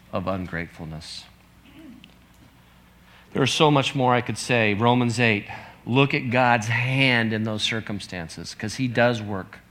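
A man's voice: on the low side, gravelly, a bit bright, a little hiss or hum. A pastor in his fifties gives an earnest, conversational sermon, reading out scripture as he goes.

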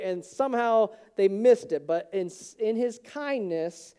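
A man's voice: high voice, animated, unhurried, few pauses, clean tone, lo-fi sound. A man preaching an Easter sermon as pastor, telling Bible stories in a casual, conversational way and acting out the characters' lines. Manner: conversational storytelling with acted-out quotes.

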